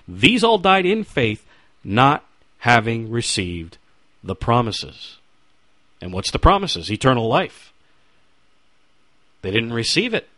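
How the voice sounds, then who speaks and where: A middle-aged man delivers a radio sermon, pressing his points with rhetorical questions and quoted scripture. His voice swings widely in pitch, animated and insistent. The sound is dry and close, with no room echo. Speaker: radio preacher.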